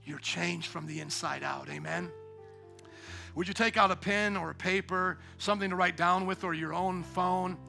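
A male pastor preaches in a church with a high, bright, ringing voice. He drops to near-whispered asides, then climbs into loud, shouted exhortation. Soft instrumental music plays underneath. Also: steady tone, normal speed, creaky. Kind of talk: sermon. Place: church sanctuary.

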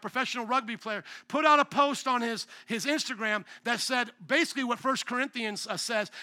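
A man's voice: very high-pitched, sharp tone, no room sound. A man, a pastor, preaching a sermon in an emphatic, conversational way and often asking the congregation questions.

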